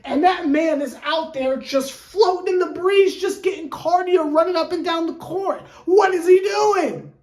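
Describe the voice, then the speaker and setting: A woman's voice: very high-pitched, moderate pace, hardly any pauses, darkish tone, echoey room. A woman sports fan vlogger ranting in an exasperated, theatrical way, with lots of rhetorical questions. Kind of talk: fan reaction rant.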